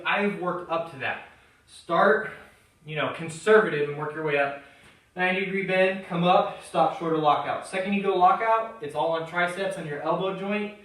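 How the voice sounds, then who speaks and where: A man's voice: fairly high pitch, fairly bright tone. A male fitness trainer demonstrating chest dips, giving coaching cues and encouragement, a little out of breath. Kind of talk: exercise tutorial demonstration. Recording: very echoey gym from far off.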